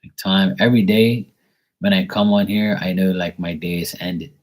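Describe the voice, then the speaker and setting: A man's voice: sits low, steady tone, normal speed. A young man giving live tarot readings, chatting loosely and swearing casually while he reads messages to viewers. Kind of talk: casual livestream chat.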